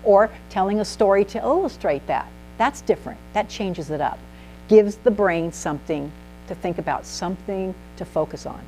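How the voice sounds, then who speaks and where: A woman giving an animated, emphatic presentation to a small group in a meeting room, asking the audience questions as she teaches. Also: on the low side, slight background noise, poor audio. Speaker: speaker at a speaking club. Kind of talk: instructive presentation.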